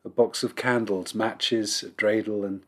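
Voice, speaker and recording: Guy reading a story as a loving mom saying goodbye, soft, tender, near tears. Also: on the low side, fairly even intonation, a little slow. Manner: tender, holding back tears. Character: loving mother sending her son off, tearful.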